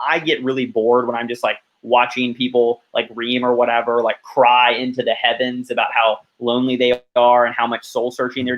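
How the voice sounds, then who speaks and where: A man's voice: medium pitch, a bit bright, rough recording. Rambling man from Alabama, podcast guest. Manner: rambling, heavy use of "like" fillers. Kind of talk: casual podcast chat.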